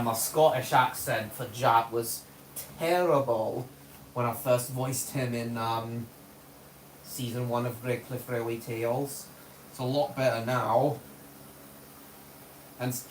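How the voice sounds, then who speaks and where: A man chats loosely on a live stream and thinks out loud, now and then answering viewers. His voice is at an everyday pitch. The room echoes around him, with a faint hum in the background. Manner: rambling, chatty, talks to himself and to viewers' comments. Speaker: livestreamer running a model railway. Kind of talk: casual live-stream chat.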